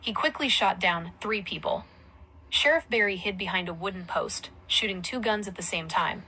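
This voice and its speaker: A woman narrating a story aloud in a plain, even storytelling manner. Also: medium pitch, moderate pace, breathy edge, poor audio.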